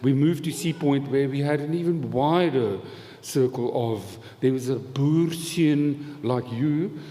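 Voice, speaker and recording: A man with a medium-pitched, dark voice speaks slowly while recounting a rambling, funny story from his past on a live festival panel. He is chatty, laughs a lot, and has a dry sense of humour. Reverb from the festival event hall and faint noise come through.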